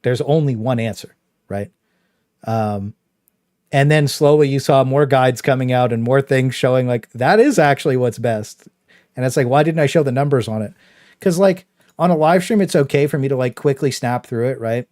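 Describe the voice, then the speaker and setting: A man's voice: mid-range voice, moderate pace, darkish tone, dry recording, clean studio sound. A young man casually chatting on his game livestream, rambling with lots of fillers and a trolling swagger. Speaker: game streamer.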